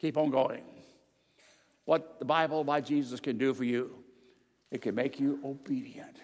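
An older man preaching a sermon with slides, emphatic and swinging between loud declarations and quiet asides. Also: mid-range voice, steady tone, unhurried. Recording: long reverb of a large hall.

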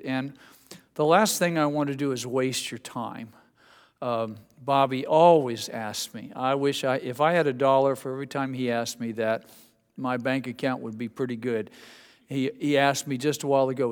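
A middle-aged male pastor gives a conversational, self-deprecating sermon in a church sanctuary, frequently restarting his sentences. His mid-range voice is clear and resonant, with fairly even intonation and normal speed, through an amplified microphone with a long reverb tail.

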